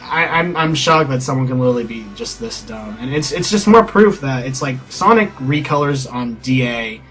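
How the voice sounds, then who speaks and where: A man's voice: medium pitch, fairly bright tone. A young man giving mocking, incredulous commentary, stammering and restarting his sentences. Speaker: co-host of a ranting video.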